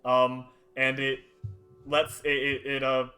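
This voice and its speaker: Slow, hesitant male dungeon master. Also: medium pitch, monotone, pushed and bright, faint music behind. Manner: hesitant, many fillers while describing. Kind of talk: narrating a tabletop game.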